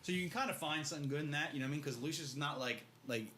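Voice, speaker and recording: A man's voice: fairly high pitch, racing, bright, forceful tone, a little hiss or hum. A man co-hosting a podcast, casually retelling a book's scenes in loose, slangy talk and acting out the characters' lines. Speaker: podcast co-host. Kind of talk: casual book discussion.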